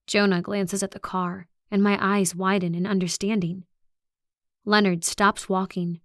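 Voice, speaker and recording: A woman's voice: medium pitch, little pitch movement, unhurried, fairly bright tone, no room sound, studio quality. Woman narrating a tense horror audiobook. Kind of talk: first-person horror narration.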